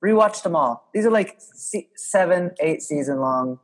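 A man's voice: on the high side, lively intonation, measured pace. A young man chatting casually as a podcast co-host, telling stories animatedly with swearing and frequent laughter. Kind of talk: casual chat.

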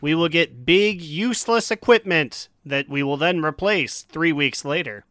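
A man's voice: fairly high pitch, a little slow, pushed and bright, no room sound. A man co-hosting a casual gaming podcast, with dry, wry remarks. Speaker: podcast co-host.

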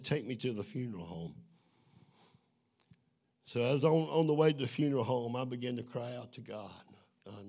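A middle-aged man, preaching his testimony in a sermon, moving from hushed storytelling to shouting. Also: mid-range voice. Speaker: evangelist.

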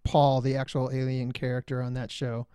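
A man guesting on a podcast over a remote call, easygoing and a bit halting, often laughing. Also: medium pitch, completely flat delivery, mellow, clean tone, no room sound, clean studio sound. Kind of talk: casual podcast chat. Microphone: remote call from a cabin.

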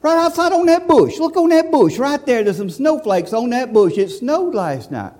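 A high, whiny little boy with a drawl, pleading and insisting, as a preacher puts him on. The voice leaps up in pitch and keeps pushing its case. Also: very animated, normal speed, darkish tone. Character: pleading little boy arguing with his father.

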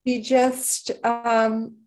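A woman in her fifties co-hosting a casual podcast, speaking warmly and rambling with lots of ums as she talks about family dinner with her granddaughter. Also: a little high, level tone, drawn-out words. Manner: warm, rambling, with many ums. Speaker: podcast co-host.

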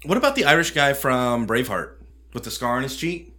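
A relaxed man chatting with friends in a slangy, easygoing way. His voice is bright and forceful, and his pitch swings widely as he talks. He sounds loose and informal. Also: fairly quick. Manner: relaxed, slangy, says "dude" and "like". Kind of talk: casual chat.

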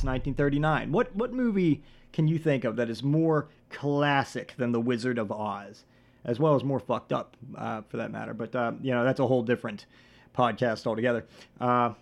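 A man hosting a comedy podcast, rambling and profane, with deadpan absurd jokes. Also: mid-range voice. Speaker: podcast host.

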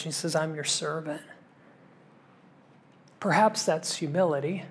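A man preaching a sermon as a pastor, emphatic, repeating phrases for rhythm and sometimes dropping to a hush. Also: fairly high pitch.

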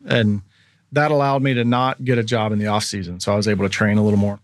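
A man's voice: fairly low pitch, fairly even intonation, fast talker, no echo. A man in his thirties, a former pro athlete as podcast guest, telling a long story casually and acting out the people he quotes.

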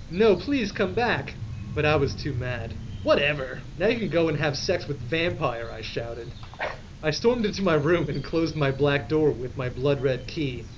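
Man, podcast co-host, comedic reading, muffled lo-fi sound, faint noise. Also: on the high side.

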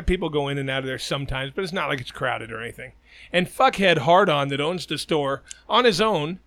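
Swearing, ranting man, bright voice. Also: a little high, no echo. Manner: crude, ranting, swears a lot. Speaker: podcast co-host. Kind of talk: profane comedic rant.

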